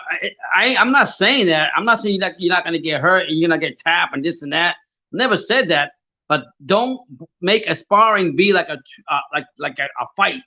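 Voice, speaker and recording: A man hosts a live fight reaction, swearing freely and stammering as he answers his chat. His voice sits high and bright, with a tense edge. The stream audio sounds dull and lo-fi. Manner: frustrated, profane, stammering, answers chat comments.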